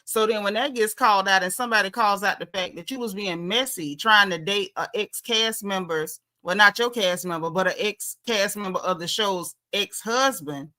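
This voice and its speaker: A woman's voice: medium pitch, pushed and bright. A woman with a Southern US accent hosting a casual livestream, talking bluntly and sassily while reading out viewer comments. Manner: sassy, blunt, chatty with dialect. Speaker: livestream host.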